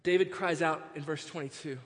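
Bright-voiced impassioned preacher in a hall. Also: male voice, on the high side, fairly even intonation, a little fast. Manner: swings from hushed storytelling to impassioned, near-shouted preaching. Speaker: pastor. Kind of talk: sermon.

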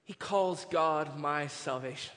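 A man preaching a sermon with a high, bright, ringing voice. He moves between hushed storytelling and impassioned, near-shouted preaching. The sound carries the long reverb of a large hall. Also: takes it slowly. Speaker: pastor.

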